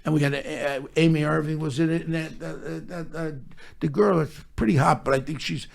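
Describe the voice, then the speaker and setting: A man's voice: a little high, fairly even intonation, normal speed, gravelly. An older man, telling brash, profanity-filled stories and acting out other people's lines. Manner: brash, swears constantly, acts out other people's voices. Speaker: podcast host telling stories. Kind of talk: profane storytelling chat.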